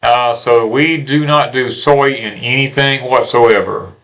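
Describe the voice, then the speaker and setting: A man's voice: medium pitch, steady tone, a little slow, fairly bright tone, low-quality recording. A man with a Southern US accent co-hosting a homestead channel, talking bluntly and repeating himself in casual porch chat.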